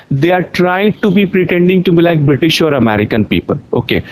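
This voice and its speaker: A man's voice: a little high, darkish tone, poor audio. A young adult man from India with an Indian accent, an English teacher answering interview questions in an earnest, explanatory way. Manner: earnest, explanatory, repeats points.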